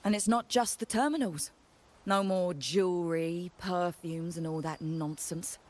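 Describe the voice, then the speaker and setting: Lady voicing a stern game character, clipped and businesslike, lowish voice. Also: a little slow, natural voice. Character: stern, composed woman official, curt and unimpressed. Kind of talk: video game voice acting.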